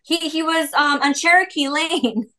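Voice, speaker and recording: A woman hosting a casual gossip chat, animated, blunt and swearing freely. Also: high-pitched, measured pace. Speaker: podcast host.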